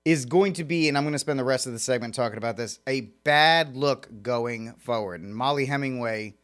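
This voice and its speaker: A man hosting a talk radio show, commenting with animated, sarcastic asides. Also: mid-range voice, fairly quick, clear, resonant tone.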